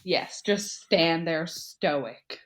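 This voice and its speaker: A woman's voice: low-pitched, drawn-out words. Giggly young woman co-hosting a podcast. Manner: giggly, deadpan banter. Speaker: podcast co-host. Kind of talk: casual chat.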